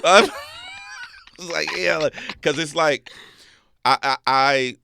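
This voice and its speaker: A man's voice: fairly high pitch, takes it slowly, creaky, slight background noise. A man hosting a radio podcast in casual chat, telling stories with lots of laughter. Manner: animated storyteller, laughs often. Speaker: host.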